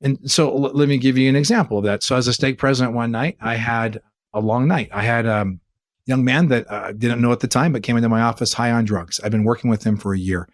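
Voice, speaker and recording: An earnest man from California's Bay Area recounts a story in a conversational interview. He talks in an animated way and keeps asking rhetorical questions. His mid-pitched voice sits dry and close on a podcast mic. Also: fast, no room sound. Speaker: interview guest, church leader.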